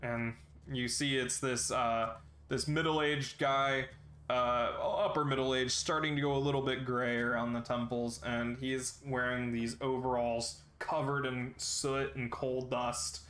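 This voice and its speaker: A man narrating a tabletop game as game master, relaxed and with many fillers. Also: medium pitch, a little slow.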